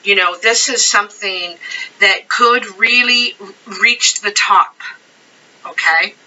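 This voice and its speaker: A woman's voice: mid-range voice, takes it slowly, pushed and bright, distant mic, lo-fi sound. A woman giving a casual tarot reading to camera, chatty and rambling with many fillers. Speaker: tarot reader.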